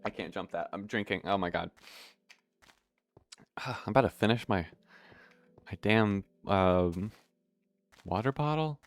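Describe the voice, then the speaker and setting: A man's voice: fairly low pitch, unhurried, long pauses, slight background noise. A young man giving casual, rambling gameplay commentary, hiccuping now and then, correcting himself and swearing offhand. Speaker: gameplay video host.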